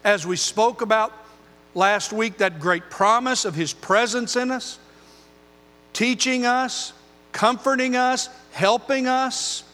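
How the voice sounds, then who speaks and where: An older man preaching a sermon as pastor, earnest, moving between loud emphasis and quiet intensity. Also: extremely high pitch, steady tone, slow pace, big-room sound.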